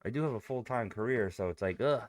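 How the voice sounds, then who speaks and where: Recorded dry and at studio quality, the young man's medium-pitched voice moves quickly as he live-streams about day trading. Loose and foul-mouthed, he thinks aloud and reads viewer comments.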